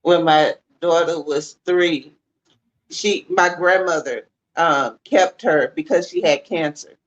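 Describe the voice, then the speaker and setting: A man telling relaxed, unhurried anecdotes as an interview guest, with pauses and fillers. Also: fairly high pitch, lo-fi sound. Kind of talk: casual storytelling.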